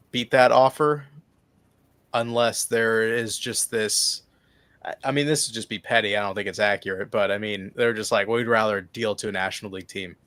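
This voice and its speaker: A man co-hosting a podcast in casual chat, animated at times and acting out what others might say. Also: fairly low pitch, clean tone, dry recording. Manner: animated, laughs, acts out quotes. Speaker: podcast co-host.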